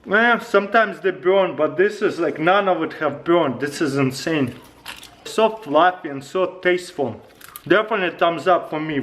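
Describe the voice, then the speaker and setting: A man casually reviewing kitchen gadgets at home, talking to his dogs and getting loud and excited as he demonstrates. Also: noisy background. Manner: excitable, gets very loud and high when thrilled. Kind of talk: casual product review vlog.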